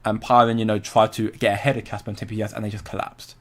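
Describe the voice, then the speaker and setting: A man's voice: on the low side, little pitch movement, fast. A young man hosting a casual crypto livestream, chatting loosely, answering viewer comments and laughing often.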